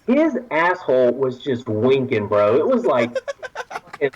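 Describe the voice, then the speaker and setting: A man's voice: medium pitch, wildly swooping pitch, measured pace, muffled recording, a crowd in the background. A man from Texas telling a war story on a podcast, laughing often and acting out the people he quotes. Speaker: podcast guest. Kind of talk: casual storytelling.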